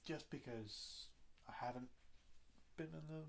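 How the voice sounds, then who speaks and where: A man's voice: a little high, a little slow, vocal fry, slight background noise. A man talking casually in a rambling, self-deprecating video diary with many fillers, sounding congested, recorded in a car. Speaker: vlogger.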